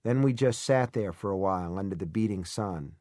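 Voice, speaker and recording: Man, audiobook narrator, measured reflective reading, dry close sound. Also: low-pitched, mellow, dry recording. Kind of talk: first-person audiobook narration.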